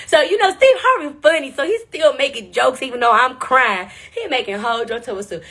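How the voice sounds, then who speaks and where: Girl in her 20s, husky and kinda high, swoops all over, cussing and joking through the story. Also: a little fast, few pauses. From Houston, Texas. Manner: lively, profane, playful slang. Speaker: vlogger. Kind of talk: animated storytelling.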